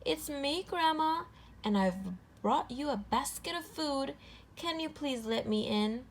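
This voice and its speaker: A woman's voice: high-pitched, expressive, a little slow, a little hiss or hum, pitched above the performer's own voice. A woman doing a sly storybook wolf. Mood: sugary. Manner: sly, sweet-talking, turns to a growl. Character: sly male wolf, crafty and hungry.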